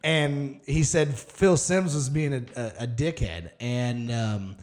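A man in mid-range pitch chatting on a podcast, spinning loose, profane anecdotes and putting on the voices of the people in them. His talk is loose and unpolished, with plenty of fillers and restarts. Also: takes it slowly, a little mellow. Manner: rambling, profane storyteller, acts out quotes. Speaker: podcast co-host. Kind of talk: casual chat, storytelling.

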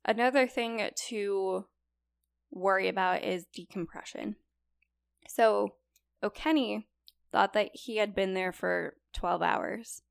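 A young woman retells a true story to her co-host in a loose, chatty way, sprinkling in likes and you-knows. Her voice has a gravelly, fry-tinged texture. The recording is dry and close. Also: mid-range voice, slow, no room sound. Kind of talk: casual storytelling chat.

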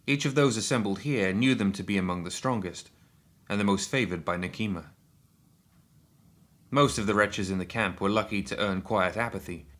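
Male narrator, steady measured read, lowish voice. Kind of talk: audiobook narration.

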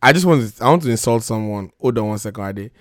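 A man's voice: fairly low pitch, expressive, quick pace, no room sound, clean studio sound. A man hosting a casual call-in podcast, sick and losing his voice, joking and rambling with laughs. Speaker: podcast host.

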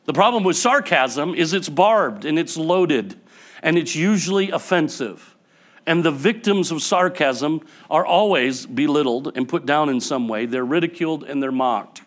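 Preacher, male, slightly high-pitched, impassioned sermon delivery with big dynamic swings. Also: lively intonation, a little slow. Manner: impassioned preaching, rising loud then dropping soft. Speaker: pastor.

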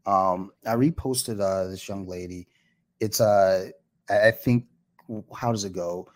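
A man's voice: low-pitched, unhurried. A man hosting a podcast in casual chat, easygoing, laughing often and swearing casually. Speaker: podcast host.

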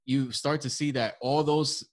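A young man, co-hosting a casual podcast chat, swearing freely and telling animated stories. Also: medium pitch, a little slow, dry recording. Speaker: podcast co-host.

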